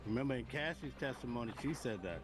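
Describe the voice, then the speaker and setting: A man's voice: medium pitch, lively intonation, quick pace. A man speaking as a guest on a casual live stream, explaining events step by step. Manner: explanatory, recounting details step by step. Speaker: guest commentator. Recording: loud game music behind.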